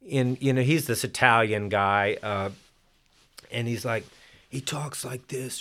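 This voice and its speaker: A man's voice: medium pitch, measured pace, fairly bright tone. An older man and musician telling casual stories in an interview, rambling with many restarts. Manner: rambling, full of fillers and restarts. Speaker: musician guest. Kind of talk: casual storytelling.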